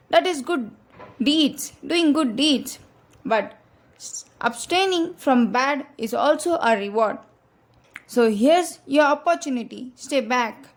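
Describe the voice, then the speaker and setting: A woman giving a religious advice talk, earnest and direct, repeating her key points to her listeners. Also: high-pitched. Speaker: Islamic speaker.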